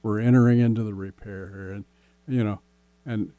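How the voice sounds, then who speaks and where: A man hosting a relationship podcast as a coach, speaking gently and slowly, often ending points with "right?". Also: on the low side, fairly even intonation, no echo. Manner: gentle, slow, many "right?" tags. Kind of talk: casual podcast advice.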